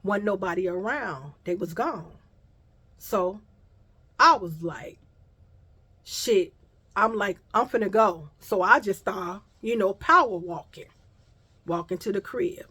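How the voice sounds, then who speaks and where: A woman telling a personal story in a casual vlog, animated and profane, talking straight to her viewers. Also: mid-range voice, measured pace, breathy edge.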